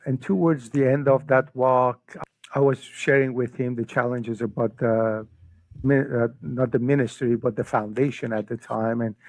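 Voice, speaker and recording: A middle-aged man tells his faith story slowly and earnestly, stumbling over repeated words as feeling builds. His voice sits at an ordinary pitch, recorded close and dry with no room around it. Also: vocal fry, dry recording, rough recording. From Iran. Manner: earnest, emotional storytelling with frequent word repeats. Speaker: podcast guest. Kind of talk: personal faith testimony.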